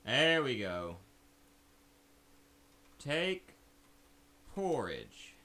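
A man's voice: mid-range voice, big pitch swings, drawn-out words, bright, forceful tone. A young man doing casual let's play commentary at a desk mic at home, reading the game's text aloud and cracking sarcastic jokes.

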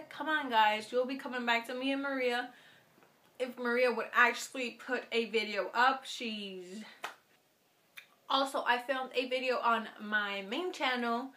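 A young woman vlogging casually to camera, playful and animated, slipping into baby talk with her dog. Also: high-pitched.

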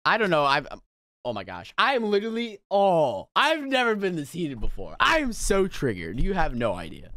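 A young man commentating his own gameplay, swinging between exaggerated frustrated shouts and low muttering. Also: wildly swooping pitch, normal speed, no room sound. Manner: exaggerated rage, yelps and shouts. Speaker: gaming YouTuber.

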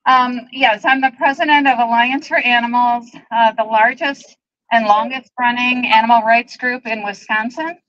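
A woman's voice: on the high side, steady tone, fairly bright tone, no room sound, dull audio. Emotional woman speaking at a rally. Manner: emotional, halting, many ums, tearful at times. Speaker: animal rights group president speaking at a rally. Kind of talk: public speech at an outdoor protest. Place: outdoor protest march.

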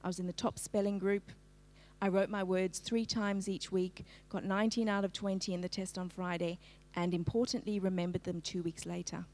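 A middle-aged woman giving a lively, engaging literacy presentation to parents, asking her audience for a show of hands. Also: fairly low pitch, normal speed. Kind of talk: live-streamed talk to parents.

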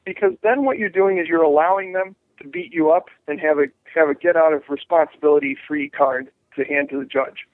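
A man with a slightly high voice speaks on a tinny, dry phone line. He is an activist being interviewed. He talks in a lively way, restarts phrases and acts out what other people say. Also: brisk, few pauses, dry recording. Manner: animated, acts out quoted voices, many restarts. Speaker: jury rights activist, guest.

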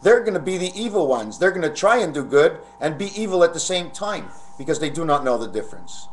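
Man on a home webcam, rambling and agitated, preaching in a fairly high voice. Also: big pitch swings, a little fast, slight background noise. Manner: agitated, preachy, numerological ranting. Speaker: webcam vlogger. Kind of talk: rambling monologue to camera. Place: den in his house. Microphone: webcam mic.

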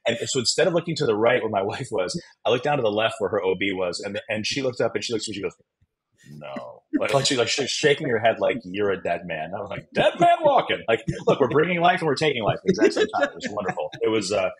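A middle-aged man, a guest author, telling animated, self-deprecating stories with jokes about himself. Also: lowish voice, rapid-fire, few pauses, slightly rough, poor audio. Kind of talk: animated storytelling.

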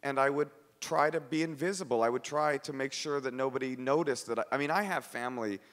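A man from Oakland performing an animated, ironic stand-up set, then chatting as a guest on a radio show. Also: medium pitch, in a large hall. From Oakland, USA. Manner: animated, quick, ironic storytelling.

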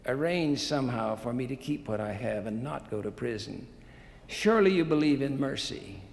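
Brief: man reading a begging debtor, gravelly voice, long hall reverb. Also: mid-range voice, expressive, moderate pace, a little hiss or hum. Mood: pleading. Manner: pleading. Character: desperate male debtor pleading for mercy.

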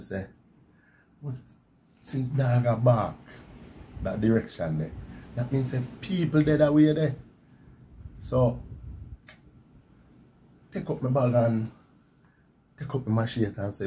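Interviewee, Jamaican man, 50s, warm low voice, animated Patois storyteller. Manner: animated storytelling, repeats words for effect. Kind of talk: telling his survival story.

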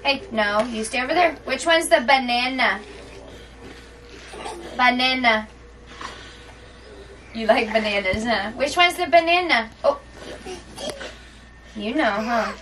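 A woman's voice: fairly high pitch, slow pace, pauses often, fairly bright tone. A mother and family vlogger talking to her toddlers in patient, coaxing baby talk, praising them at home. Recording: noisy home video audio.

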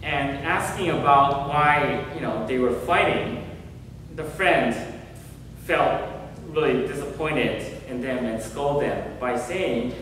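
A male reverend telling a story in a sermon, gentle and unhurried with many pauses. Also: mid-range voice, a little hiss or hum. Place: temple hall. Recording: echoey hall from far off.

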